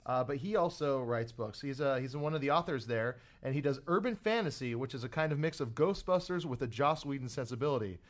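A man's voice: medium pitch, expressive, brisk, hardly any pauses. Rambling young male co-host. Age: 20s. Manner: rambling, filler-heavy, self-deprecating. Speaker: podcast co-host. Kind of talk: casual chat.

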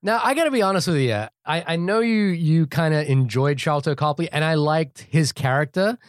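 A man's voice: fairly high pitch, normal speed, smooth, dry recording. Opinionated man, podcast co-host, dry mic. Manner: opinionated, stammers on restarts. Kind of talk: casual movie chat.

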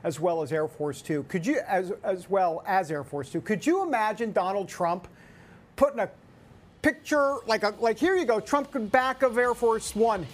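Animated laughing male news host. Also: high-pitched, normal speed. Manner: animated, laughing, mock-incredulous. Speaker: show host. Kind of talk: opinionated news commentary.

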